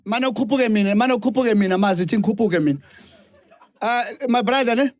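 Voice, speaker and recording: High-voiced South African man explaining. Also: fast talker, no room sound. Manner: repeats words, mixes English and Zulu, explains at length. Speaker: podcast co-host. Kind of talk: live podcast Q&A.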